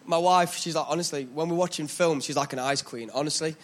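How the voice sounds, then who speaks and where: A young man with a British accent delivers a sermon in a church, talking to the congregation like friends. His voice sits high, and he jokes about himself between serious points. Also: fairly quick, a little hiss or hum. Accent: British English. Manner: chatty, joking, self-deprecating. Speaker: preacher. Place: church stage.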